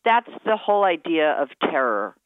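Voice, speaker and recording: A woman's voice: low voice, sing-song, normal speed, phone-quality sound, a little hiss or hum. A woman guest on a phone interview, speaking frankly and emphatically as she tells stories. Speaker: guest actress.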